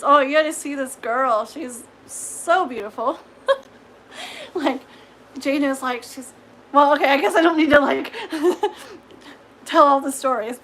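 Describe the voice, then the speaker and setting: A middle-aged woman hosts a live tarot stream in a casual, chatty way, gushing and laughing often. Her voice sits high and she takes her time between thoughts. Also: fairly bright tone, a little hiss or hum, low-quality recording. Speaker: tarot reader hosting a livestream. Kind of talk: casual livestream chat.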